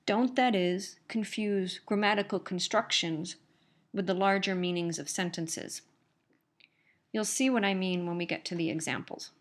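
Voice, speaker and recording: A woman's voice: medium pitch, measured pace. A middle-aged woman teaching an English grammar lesson, explaining patiently and repeating key points. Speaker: English instructor. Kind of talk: recorded grammar lecture.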